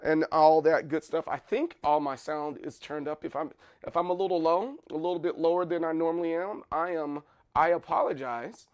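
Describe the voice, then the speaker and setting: A man's voice: on the high side, normal speed, darkish tone, clean tone, dry recording. A man hosting his own livestream, chatting casually in a rambling, playful and apologetic way. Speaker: livestream host.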